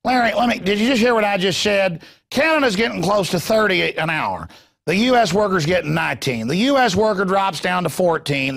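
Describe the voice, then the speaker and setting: A man's voice: sits high, gravelly, fairly bright tone, heavily acted. A man putting on the voice of a blunt older businessman, lecturing with figures and exasperated. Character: older male businessman debater, blunt and insistent.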